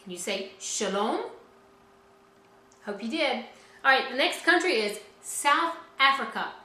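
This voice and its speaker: A woman's voice: high voice, lively intonation, measured pace, sharp tone, reverberant, rough recording. A woman teaching a children's music lesson in a cheerful, encouraging way, talking straight to the kids.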